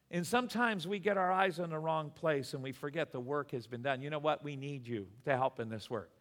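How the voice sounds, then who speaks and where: A man's voice: a little high, brisk, hardly any pauses, fairly bright tone, in a large hall. A man pastor preaching a sermon in earnest, repeating words for emphasis.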